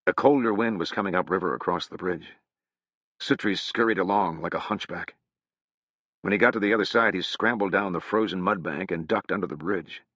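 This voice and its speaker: A man narrating a literary novel in an even, measured reading. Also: low voice, dry recording. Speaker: audiobook narrator. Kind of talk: scripted narration. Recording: dull, dry sound.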